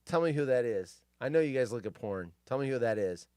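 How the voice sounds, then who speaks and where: Animated, crude-talking male streamer. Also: medium pitch, fairly quick, smooth, no room sound, studio quality. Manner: crude, rambling asides with frequent swearing; animated, jumps between loud outbursts and mutters. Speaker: live-stream host. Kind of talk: casual live-stream commentary reading news stories.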